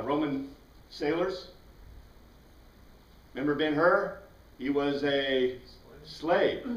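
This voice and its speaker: A man's voice: a little high, highs cut off. Rambling male Bible teacher in a roomy class. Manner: rambling, conversational, with many asides and restarts. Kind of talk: informal Bible study lesson. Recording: roomy sound, mic at a distance.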